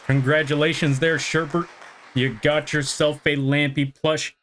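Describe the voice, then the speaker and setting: Excitable man calling a race on stream. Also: a little high, measured pace, soft background music. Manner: playful, excitable play-by-play with rambling asides. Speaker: live streamer. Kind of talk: casual live-stream chat and race commentary.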